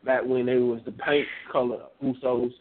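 A man's voice: mid-range voice, little pitch movement, moderate pace. Laid-back man telling stories over a phone line. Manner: laid-back storytelling with Southern US dialect. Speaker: podcast co-host. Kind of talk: casual wrestling chat.

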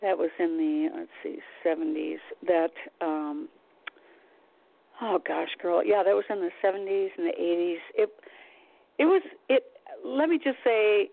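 A woman, telling her story in a casual interview, chatty and animated, with sighs and laughs. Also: lowish voice, measured pace, creaky, no echo. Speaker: guest, psychic. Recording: tinny phone-like line, dry.

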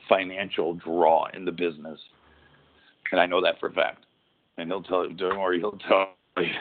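A middle-aged man, a former pro wrestler hosting a podcast, talking in a rambling, profane, casual way and restarting his sentences. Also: low voice. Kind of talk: casual chat. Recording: tinny phone-like audio.

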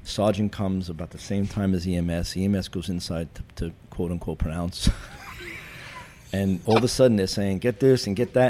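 A retired police chief spins deadpan anecdotes full of cop jargon in an interview. His voice sits very low, with a soft, mellow tone. A faint hum of background noise runs beneath him. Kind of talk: storytelling in a podcast interview.

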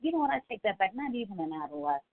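Woman, mid pitch, sassy mocking commentary, narrow phone-like audio. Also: very animated, rapid-fire. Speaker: commentary vlogger. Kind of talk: casual commentary. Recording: tinny phone-like sound.

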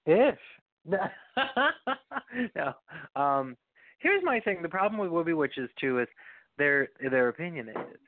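A man's voice: a little high, big pitch swings, slow, pauses often, dry recording. A man co-hosting a podcast, joking wryly and telling stories in casual chat. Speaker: podcast co-host. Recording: dry tinny phone-like audio.

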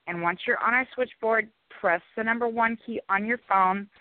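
A woman's voice: fairly high pitch, normal speed, no room sound. A woman announcing and co-hosting a call-in show, reading a scripted introduction in an upbeat, promo-style manner. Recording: tinny phone line.

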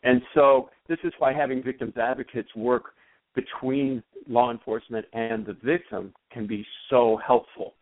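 Male expert guest, animated explainer, heard over a dry, phone-like line. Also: mid-range voice, moderate pace, no echo. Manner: animated, acts out example dialogue. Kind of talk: explanatory interview talk.

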